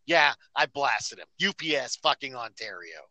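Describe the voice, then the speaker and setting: A man's voice: medium pitch, very animated, normal speed, sharp tone, no echo, poor audio. A man on a casual podcast, telling a story in a profane, ranting way. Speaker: podcast host.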